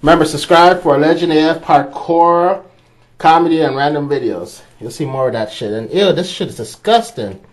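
A young man vlogging casually from his kitchen sink, excitable and profane, talking to his dog and the camera. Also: a little high, moderate pace. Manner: excitable, profane, talks to a pet. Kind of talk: casual handheld vlog.

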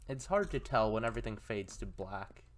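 A man's voice: on the low side, lively intonation, a little hiss or hum. A man casually playing a game on video, reading its text aloud in a musing way and sometimes stammering. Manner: slow, musing, occasional stammers. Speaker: let's player.

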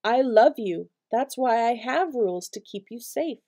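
A gentle, loving God, as a woman voices him in a storybook, speaking calmly and reassuringly. The tone is mellow and soft, pitched a little high. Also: measured pace. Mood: tender. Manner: calm, reassuring. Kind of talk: storybook reading.

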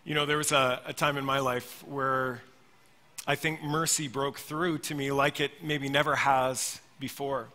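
A man's voice: medium pitch, little pitch movement, unhurried, bright, forceful tone, long reverb tail. A middle-aged man preaching a sermon, telling a story earnestly and calling his listeners friends. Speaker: pastor.

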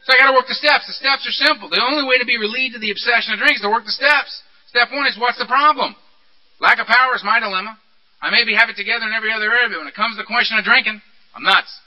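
High-voiced man giving a candid recovery talk. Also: rapid-fire. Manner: candid, animated storytelling with rhetorical questions. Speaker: recovery meeting speaker. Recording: dull lo-fi recording.

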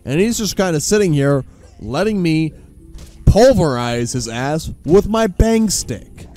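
A man hosting a profane let's play commentary, sarcastic and swearing constantly, bursting into yells. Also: fairly high pitch, expressive, measured pace, faint music behind. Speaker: gaming channel host.

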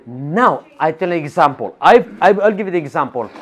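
Speaking briskly and expressively, this pastor has a higher-pitched voice and a Filipino accent. In a church sermon, he reads from the Bible and puts rhetorical questions to the congregation.

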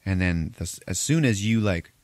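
A man's voice: low voice, lively intonation, normal speed, darkish tone, no echo. A man casually retelling a film's plot on a podcast, loose and profane, acting out characters' lines as he goes. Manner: profane, rambling retelling with acted-out quotes. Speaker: podcast host recapping a film. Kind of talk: casual movie recap chat.

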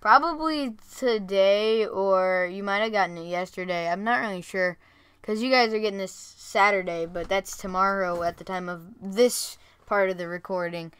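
A woman's voice: medium pitch, moderate pace, a bit bright, smooth, no room sound. A woman co-hosting a casual podcast from her bedroom, rambling with lots of fillers and restarts. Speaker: co-host and game developer.

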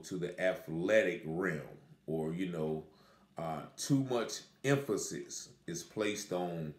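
A man with a low, deep voice gives unhurried spoken commentary. He rambles, restarting sentences and filling gaps with "you know" and "uh". The recording has a noticeable room echo. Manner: rambling, many fillers and restarts. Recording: echoey room.

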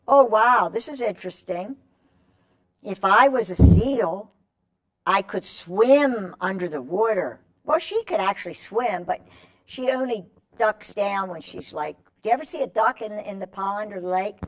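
A woman's voice: mid-range voice, animated, unhurried. A woman reading a picture book aloud to children, coaxing them to join in with stretches and animal calls. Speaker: children's storyteller.

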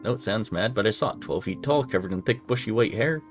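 A man reading the lines of an excited male sailor in a game, urgent and insistent. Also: on the low side, fast, faint music behind, close to an everyday voice. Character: excited male sailor who saw a beast.

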